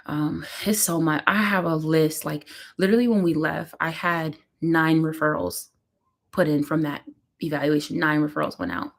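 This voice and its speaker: A mother and vlogger with a deep voice talks candidly and emotionally at home on a casual live stream. She rambles, using lots of fillers.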